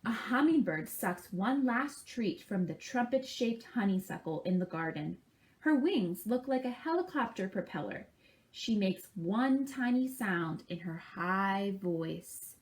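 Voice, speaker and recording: With a medium-pitched, animated voice and an unhurried pace, this woman reads a picture book to kids during a library session. She breaks off to talk with them and copy bird calls together.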